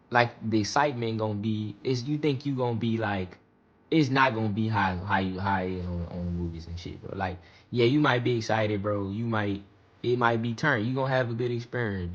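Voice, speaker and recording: A young man telling a casual storytime monologue in slangy, profane talk, often checking in with "you hear me?" and jumping high when he recounts panicky moments. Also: a bit bright, husky, dull audio.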